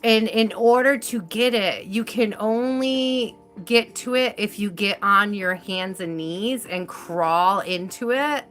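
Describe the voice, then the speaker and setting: A woman's voice: mid-range voice, takes it slowly, hardly any pauses, a bit bright, soft background music. A woman hosting a tarot live stream, chatting casually and effusively, laughing often and using lots of fillers.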